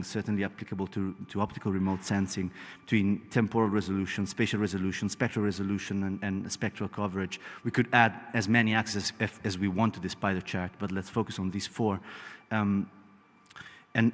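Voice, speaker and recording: Low, flat-voiced man giving a technical talk. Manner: brisk, technical. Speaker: conference speaker. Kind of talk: technical presentation. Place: large conference hall. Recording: long hall reverb.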